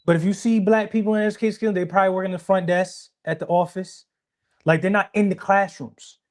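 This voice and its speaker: A man's voice: sits high, steady tone, brisk. Emphatic young man. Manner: emphatic, repeats himself. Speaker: podcast co-host. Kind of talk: casual conversation.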